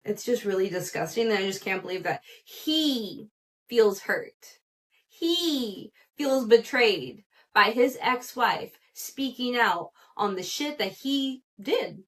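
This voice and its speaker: A woman hosting a casual solo gossip podcast, chatty and animated, laughing often and acting out the people she quotes. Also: medium pitch, slow pace. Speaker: podcast host.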